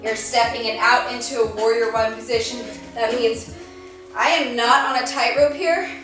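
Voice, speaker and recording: A woman leading a live-streamed yoga class, out of breath, giving brisk cues and counting down the holds. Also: fairly high pitch, steady tone. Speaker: fitness instructor. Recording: echoey room, far from the mic, music behind. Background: workout music.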